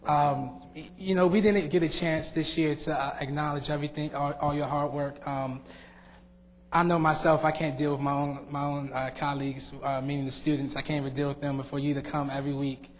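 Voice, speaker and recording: A young man, the outgoing student board member, gives a halting farewell speech at a board meeting, full of fillers and restarts. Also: fairly high pitch, little pitch movement, slight background noise. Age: young adult. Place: school board meeting room. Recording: long reverb in a meeting hall.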